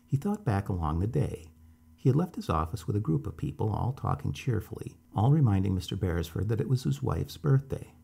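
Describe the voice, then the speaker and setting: Low, gravelly male storyteller. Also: mellow. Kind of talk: scripted narration of a short story.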